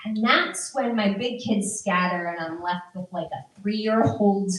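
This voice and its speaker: A middle-aged woman doing a stand-up comedy set before a live audience, delivering dry, deadpan one-liners. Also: medium pitch, unhurried. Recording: echoey room from far off.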